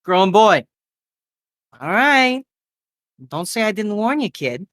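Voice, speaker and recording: Game master voicing a weary cynical man, gruff and blunt, casual swearing, mid pitch, dry close mic. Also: sing-song, slow, a bit bright, no echo. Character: weary, guarded adult man, cynical fixer. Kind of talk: live tabletop role-play.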